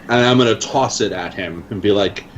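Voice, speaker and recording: A man's voice: on the low side, moderate pace, highs cut off, slight background noise. A man playing a tabletop game, speaking earnestly and formally in character. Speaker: player.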